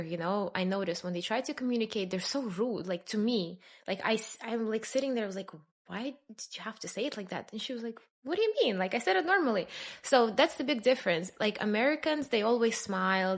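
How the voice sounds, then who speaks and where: A young native Russian speaker from Russia appears as a podcast guest, answering interview questions in a casual, chatty way. Her mid-range voice is a bit bright, and she uses many fillers and laughs between answers.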